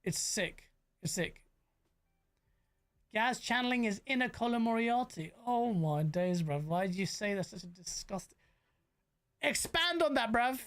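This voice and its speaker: A young British man with London slang, hosting a casual gaming reaction stream, animated and rambling as he banters with his chat. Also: high-pitched, unhurried, long pauses. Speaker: gaming commentator host.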